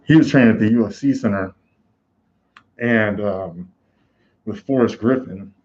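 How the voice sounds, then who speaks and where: A man's voice: lowish voice, a little slow, a little mellow, dull audio. A man hosting a live combat sports reaction stream, talking in a casual, rambling way with lots of fillers. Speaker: host.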